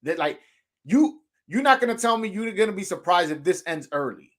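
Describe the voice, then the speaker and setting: A podcast host runs a call-in boxing show, talking in a casual, animated way, cursing freely, laughing, and often restarting his sentences. His voice is high, expressive, and brisk.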